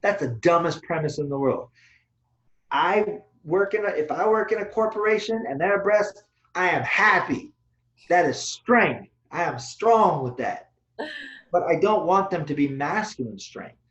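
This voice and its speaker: A man rants bluntly and profanely, his pitch swinging up and down. The recording sounds muffled and lo-fi, and it carries a roomy echo. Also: a little slow. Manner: blunt, profane, animated ranting. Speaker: co-host, Taoist teacher. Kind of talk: casual discussion. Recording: echoey room, dull lo-fi sound.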